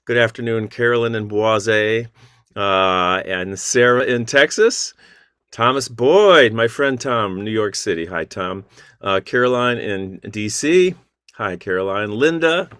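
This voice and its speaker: A man hosting an online song gathering over a video call, warmly greeting viewers by name and town. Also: medium pitch, no room sound, clean studio sound. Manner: friendly, reading out viewer names. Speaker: host. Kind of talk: online sing-along greeting.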